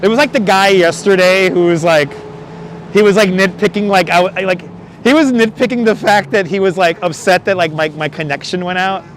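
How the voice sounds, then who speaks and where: A man's voice: sits high, brisk. A man hosting a live walking stream outdoors, chatting and joking while reading viewer comments aloud, on a wireless lapel mic. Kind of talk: casual live-stream chat. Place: outdoors walking a windy city bridge. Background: city traffic and passing subway trains.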